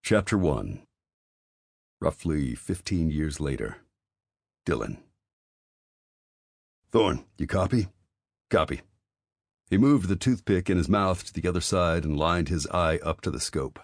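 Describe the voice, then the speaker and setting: A man narrating an audiobook in an even, measured reading. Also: very deep voice, creaky, no room sound. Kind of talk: scripted narration.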